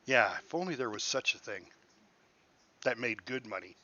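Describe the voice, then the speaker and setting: A man's voice: mid-range voice, expressive, normal speed, bright, forceful tone, dull audio. A man streaming a space game, explaining each step to his viewers as he plays. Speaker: gaming streamer. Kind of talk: live game commentary.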